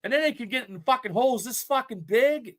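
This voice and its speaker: A man's voice: very high-pitched, fast talker. A man in his fifties, a podcast co-host, telling rambling, profanity-filled stories in casual chat. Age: 50s. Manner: profane, rambling, animated storytelling.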